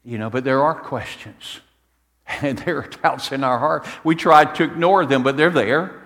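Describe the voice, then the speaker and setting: A middle-aged male pastor preaching a sermon, animated and swinging from soft to loud, repeating himself and asking "amen?". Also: medium pitch, a little slow, in a large hall. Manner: repeats words and restarts, asks the congregation "amen?". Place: church sanctuary.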